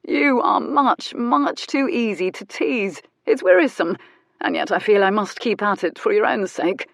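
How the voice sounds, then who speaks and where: A woman voicing a teasing, languid young gentleman who drawls and mocks, in an audiobook character voice. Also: sits high, animated, measured pace, creaky, no room sound, clean studio sound, pitched above the performer's own voice, full character voice. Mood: mock grave. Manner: drawling and mocking.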